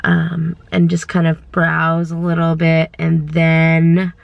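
A young woman, vlogging casually from her car and around stores, rambling and indecisive, getting excited as she talks. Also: low voice, slow, creaky, no echo, lo-fi sound. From California. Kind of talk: casual vlog chat.

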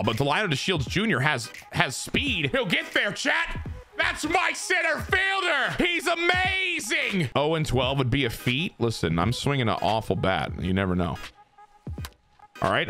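His pitch swinging widely, a male gaming streamer keeps up animated, profane, joking chatter as he plays a baseball video game. The tone stays casual throughout.

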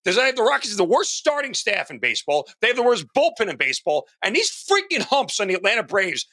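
A man's voice: high voice, huge pitch swings, quick pace, bright, forceful tone, no echo. A man co-hosting a sports betting show, ranting in exasperation and swearing, tagging lines with "okay?".

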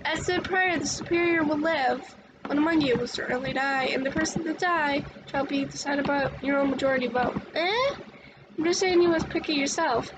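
A woman's voice: sits high, normal speed, dull audio, background noise, lightly acted. A woman voicing a sly, gleeful female doll that giggles often in a sing-song, teasing way, in an amateur fan dub. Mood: ominous.

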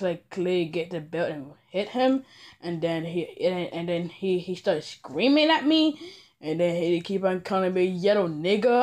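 A man voicing an exasperated, hot-tempered dad who stammers, restarts and sighs a lot in a comedy sketch. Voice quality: stammering, halting delivery with many restarts. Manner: sighing, grumbling, low and muttered. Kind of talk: comedic puppet sketch acting.

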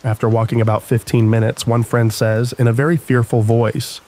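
Low, flat-voiced male story narrator. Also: rough recording. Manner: slow, even, soothing bedtime reading. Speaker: narrator of scary stories. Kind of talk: calm scripted storytelling narration.

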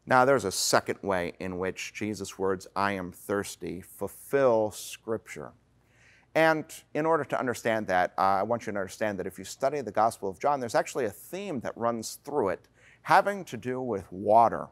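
A man's voice: fairly low pitch, expressive. Earnest man preaching a sermon. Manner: earnest preaching with dramatic slow pauses and fillers. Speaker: pastor.

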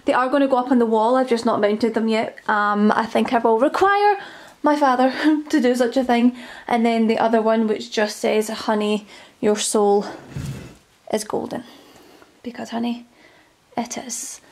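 A woman's voice: fairly high pitch, moderate pace, dry recording. A young woman from Scotland chatting casually to the camera in a vlog, joking with herself as she drives around and shows her home. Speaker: vlogger.

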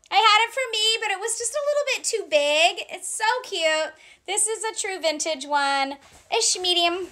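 A woman's voice: extremely high pitch, animated, moderate pace, bright, forceful tone. A woman hosting a casual live clothing sale, chatting to viewers and reading out sizes and prices. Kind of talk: casual live-stream selling chat.

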